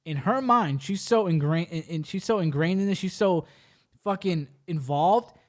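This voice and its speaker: A man with a somewhat high voice spins a long story in casual podcast talk. He is animated and slangy, and he swears freely. The delivery stays loose and conversational. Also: moderate pace. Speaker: podcast co-host.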